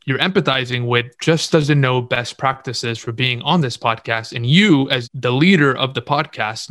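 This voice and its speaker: A man's voice: medium pitch, fairly bright tone, no room sound, clean studio sound. A man speaking as a podcast guest, giving confident, instructive advice in casual interview talk and repeating words for stress.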